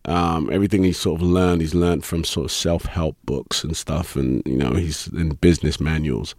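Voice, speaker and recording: A British man, an actor guest, chatting casually in an interview, chuckling often and filling pauses with um and you know. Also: rumbling low, no echo, clean studio sound. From Britain. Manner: relaxed, chuckling, many ums and you-knows.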